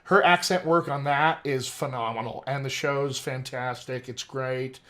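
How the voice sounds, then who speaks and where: A man working as an accent coach, talking in a casual interview in animated, quick bursts. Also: medium pitch.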